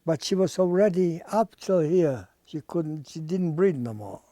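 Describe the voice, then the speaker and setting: An older man gives slow, halting testimony in non-native English, often pausing to find a word. His voice sits a touch high but sounds mellow and soft-edged. The recording is dry and close, with no room sound. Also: lively intonation, no echo. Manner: halting, searching for words, with long pauses. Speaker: Holocaust survivor giving testimony. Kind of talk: oral history testimony.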